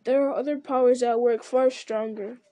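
A woman's voice: on the high side, steady tone, moderate pace, mellow, lightly acted. Woman reading as a grave, noble ranger leader.

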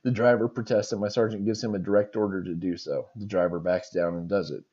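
Low mellow man reading stories. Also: fairly even intonation, fast talker, husky, highs cut off. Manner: amused, laughs and reacts between stories. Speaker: podcast host reading listener stories. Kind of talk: reading stories aloud with reactions.

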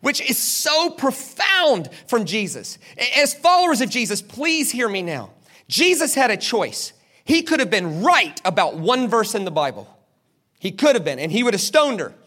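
A man's voice: very high voice, big pitch swings, normal speed, pushed and bright. A man preaching a sermon as pastor. He asks the crowd questions, answers them himself, and acts out the people in the story.

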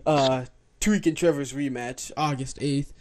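A man's voice: medium pitch, fairly even intonation, moderate pace, a little hiss or hum. A young man co-hosting a casual podcast, teasing his friend while acting out quotes in a story. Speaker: podcast co-host. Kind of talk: casual chat.

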